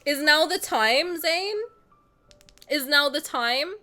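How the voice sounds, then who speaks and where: A woman's voice: high-pitched, slow pace, sharp tone, soft background music. A woman streamer swearing playfully and ranting in mock anger while she plays a game and chats with her audience at home. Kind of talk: live-streamed game play with chat.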